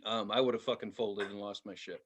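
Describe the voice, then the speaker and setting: A man's voice: lowish voice, brisk, husky. A man co-hosting a podcast, telling stories in casual chat and acting out the other people's voices. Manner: animated, acts out the voices in his stories. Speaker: podcast co-host.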